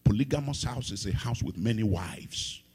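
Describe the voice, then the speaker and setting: A middle-aged man from Africa preaching a sermon as pastor, swinging between loud sung-out phrases and hushed, low asides. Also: animated, normal speed, slightly rough.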